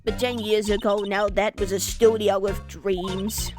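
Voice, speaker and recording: A woman voicing a nosy, bossy elderly female security guard with a New York accent, scolding and rambling loudly over game music. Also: mid-range voice, level tone, a little slow, close to an everyday voice. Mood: gossipy. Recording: loud game music behind.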